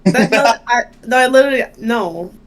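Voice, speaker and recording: A woman's voice: fairly high pitch, normal speed. A woman co-hosting a casual group podcast, playfully defending herself against teasing. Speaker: podcast co-host.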